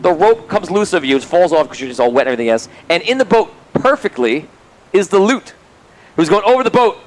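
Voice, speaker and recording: A man's voice: high voice, very animated, quick pace, a little hiss or hum. A man running a tabletop game as game master, narrating with frequent laughter and rambling asides.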